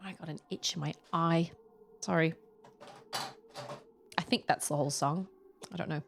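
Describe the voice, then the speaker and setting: Over a noisy background, a young woman streams a game in a low voice with vocal fry, talking at a normal speed. Her chat is casual and animated, full of laughter and sudden silly voices.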